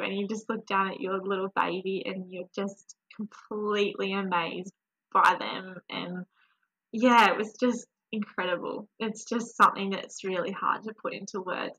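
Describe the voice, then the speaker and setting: A young woman, a podcast guest, telling her birth story in a warm, animated, emotional way. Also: mid-range voice, breathy edge, poor audio.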